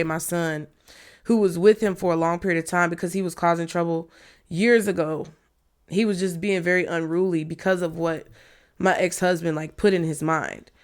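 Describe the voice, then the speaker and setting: Blunt, low-voiced woman talking to viewers. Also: smooth. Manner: blunt, emphatic, swears freely. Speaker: tarot reader. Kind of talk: candid personal talk to viewers.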